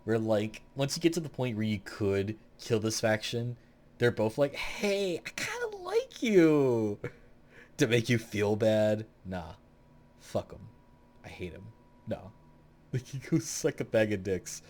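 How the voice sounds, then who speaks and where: A man's voice: on the low side, a little slow, a little mellow. A young man hosting a casual tier-list video, rambling through blunt opinions with plenty of swearing. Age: young adult. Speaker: gaming video host.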